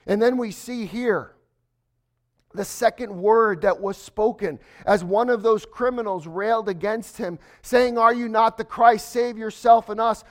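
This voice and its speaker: A man preaching a sermon to a congregation, dropping to a hush and then building to slow, emphatic lines. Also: high voice, steady tone. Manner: swings from hushed to emphatic, slows for stress. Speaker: pastor.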